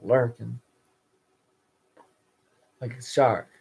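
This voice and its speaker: A man talks straight to his viewers in a loose, rambling rant. He swears constantly and jumps between thoughts. His delivery lurches from quiet muttering to abrupt bursts. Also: medium pitch, fairly even intonation, extremely slow, gravelly, husky. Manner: profane, erratic, drifting between mumbles and outbursts. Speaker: vlogger.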